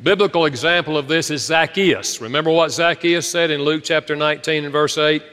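A man preaching a sermon to his congregation, telling stories from his own marriage in a lively storytelling manner. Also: a little high, brisk. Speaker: pastor. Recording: long reverb of a large hall.

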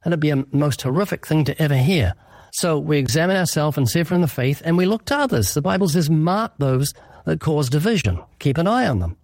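A man's voice: fairly high pitch, animated, brisk, darkish tone, no room sound. A man speaking as an evangelist guest, earnest and emphatic, preaching and acting out short exchanges. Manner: earnest, emphatic, sermon-like with acted dialogue. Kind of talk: preaching in a radio interview.

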